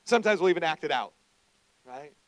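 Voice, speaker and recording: A man with a notably high voice preaches to his congregation. His delivery is conversational, shifting between quiet, reflective passages and loud, emphatic calls. The sound is dry and close, with no room around it. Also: lively intonation, a little fast, dry recording, low-quality recording. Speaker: pastor. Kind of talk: sermon.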